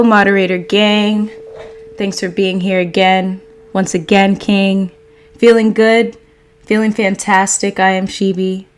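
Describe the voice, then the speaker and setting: Slow, gentle woman hosting a livestream. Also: mid-range voice, little pitch movement, smooth. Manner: unhurried, greets viewers by name with gentle affirmations. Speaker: livestream host and meditation guide. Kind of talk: casual livestream chat and guided meditation.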